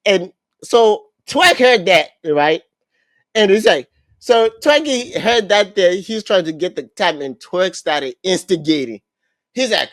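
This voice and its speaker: A man hosting a podcast, casually recapping an event and acting out what people said with sudden jumps in pitch and lots of "you know" fillers. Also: animated, measured pace, no echo. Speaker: podcast host recapping a battle rap event.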